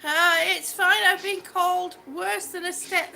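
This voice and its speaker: High-voiced chatty woman walking and talking. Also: steady tone, measured pace, vocal fry, pushed and bright. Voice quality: rambling, chatty, self-described waffler. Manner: laughs often, talks while walking. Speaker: livestream vlogger. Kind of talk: casual livestream chat while walking. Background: background music.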